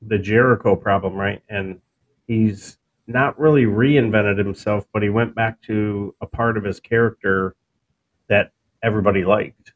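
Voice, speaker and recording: A man co-hosting a casual wrestling podcast, talking in a relaxed, rambling way with many fillers and restarts. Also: on the low side, unhurried. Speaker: podcast co-host. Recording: dull lo-fi sound with faint noise.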